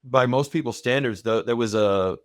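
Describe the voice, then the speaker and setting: A man's voice: medium pitch, normal speed, no room sound, studio quality. A man of fifty, a guest on a podcast interview, talking confidently and reassuringly about his own story. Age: 50s. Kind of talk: casual interview chat.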